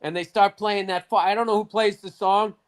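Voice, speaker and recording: A man's voice: sits high, a little fast. A middle-aged man co-hosting a podcast, telling stories in casual, profane sports chat. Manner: profane, animated storyteller. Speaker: podcast co-host.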